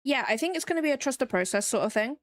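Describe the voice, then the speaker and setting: A woman's voice: sits high, lively intonation, rapid-fire, dry recording. A woman streamer chatting casually with her viewers while she paints, rambling along with lots of fillers. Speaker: streamer and digital artist.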